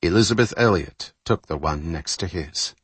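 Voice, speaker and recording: A man reading a thriller novel aloud in measured, scripted audiobook narration. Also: deep voice, expressive, slightly rough, dry recording.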